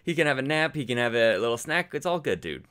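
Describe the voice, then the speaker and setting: Fast-talking effusive podcast co-host, man. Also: medium pitch, expressive, a bit bright, clear, resonant tone. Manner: effusive, rambling storyteller. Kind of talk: casual gaming podcast chat.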